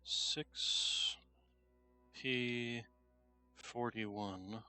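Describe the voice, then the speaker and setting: A man's voice: medium pitch, fairly even intonation, very slow, pushed and bright, smooth, faint music behind. A man streaming a shooter game, chatting casually and talking to his cat between game remarks. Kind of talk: casual gameplay commentary.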